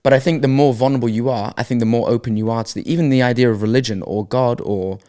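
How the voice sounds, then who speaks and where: A man's voice: mid-range voice, fairly even intonation, fast talker, warm tone. A man co-hosting a podcast, talking casually and thinking aloud with hesitant restarts. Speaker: podcast co-host. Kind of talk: casual reflective chat.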